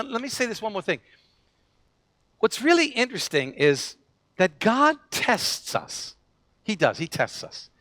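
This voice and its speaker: A man's voice: high voice, a bit bright, no echo. A man preaching a sermon as pastor, telling stories animatedly and acting out the voices in them, with frequent restarts.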